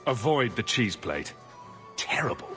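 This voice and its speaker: A man's voice: medium pitch, sing-song, measured pace, music in the background. An actor voicing a dry, sarcastic male hero in a video game. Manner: sarcastic, mock-posh.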